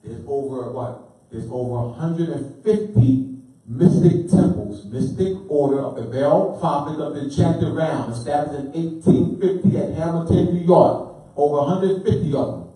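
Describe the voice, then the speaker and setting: Lecturing to a live crowd at a moderate pace, this man has a slightly high, mellow voice; he poses questions for the audience to answer back and hammers key words through repetition. The recording sounds distant and strongly reverberant.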